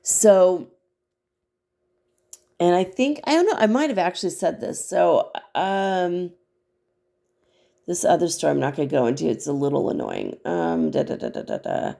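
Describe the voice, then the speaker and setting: A woman's voice: on the low side, big pitch swings, normal speed, gravelly, pauses often, mellow. A woman hosting a spiritual podcast, telling a casual, rambling story with frequent laughs and casual swearing. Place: small studio apartment.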